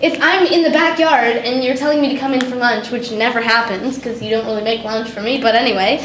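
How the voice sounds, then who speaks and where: A young woman fumbles through her answers with lots of "like" and trailing thoughts. She speaks a touch high, her voice bouncing around an echoey convention room with steady background noise. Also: brisk. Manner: rambling, hesitant, full of "like". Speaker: voice actress guest. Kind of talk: press conference answers.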